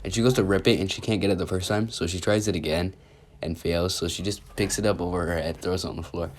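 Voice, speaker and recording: A man with a cold and a sore throat talks through a story in a loose, rambling way. His voice sits very low, and he fills his sentences with casual fillers. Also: fairly even intonation, fast talker, a little hiss or hum. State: sick, sore throat, sniffling. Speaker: youtuber. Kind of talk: storytime vlog.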